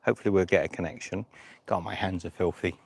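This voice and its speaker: A man's voice: low-pitched, fairly even intonation, fast talker, creaky, husky, no echo. A man, a cycle-touring vlogger, chatting jokily on a phone live stream at an outdoor rest stop. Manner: chatty, jokey, rambling with restarts. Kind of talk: casual live-stream chat. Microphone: phone held by the speaker.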